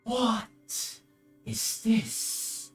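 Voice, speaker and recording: Man doing a menacing shrouded giant, soft slow questions, echoey, music bed. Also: extremely high pitch, sing-song, voice pushed up, exaggerated voice. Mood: cold menace. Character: giant shrouded death-like being, cold and menacing.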